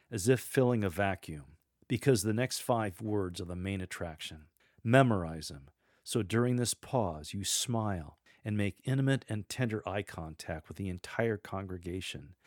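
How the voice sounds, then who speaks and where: A man coaching church lectors, explaining how to read a scripture passage aloud and demonstrating the lines himself in a gentle, warm way. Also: lowish voice, no room sound, studio quality. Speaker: lector trainer. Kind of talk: instructional coaching on scripture reading.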